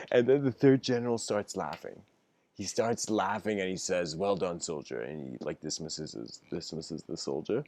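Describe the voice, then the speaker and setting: A man with a very low voice gives an informal lecture, telling a story as he goes. He often breaks into laughter and slips into quick quoted voices for the people in his story. His talk is loose and full of "like" and "you know.". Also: darkish tone, no echo. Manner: casual, laughs often, many fillers and restarts; acts out characters' lines in quoted voices.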